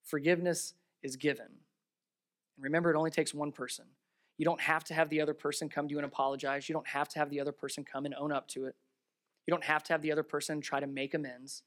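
A pastor delivering a sermon in a mid-range voice. They lean into rhetorical questions and emphatic repetition. They move between raised, stressed lines and low, heartfelt asides. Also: flat delivery, fast. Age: adult with children. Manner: swings between raised emphasis and quiet earnest tones.

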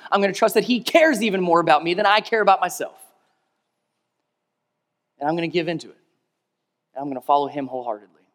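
Male pastor, fairly high voice, sermon delivery with call-and-response, reverberant hall. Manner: preaching with call-and-response, rising to emphatic peaks then dropping low. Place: large church hall. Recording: long reverb of a large hall.

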